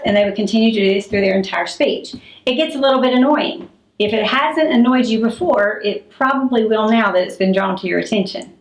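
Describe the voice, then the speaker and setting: A fairly high-pitched, middle-aged woman teaching a public speaking lesson. She talks clearly and demonstratively, acting out her examples. The room around her is echoey. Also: lively intonation, a little fast.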